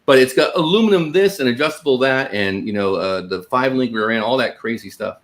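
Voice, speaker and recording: Quick-talking guy cohosting an rc show, middle pitch, lots of restarts. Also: animated. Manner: talks fast, with restarts and asides. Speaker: podcast co-host. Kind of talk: casual chat.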